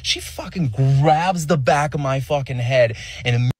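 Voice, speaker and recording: A man telling a personal story in an animated, profane way. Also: on the high side, unhurried, no room sound. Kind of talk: storytelling anecdote.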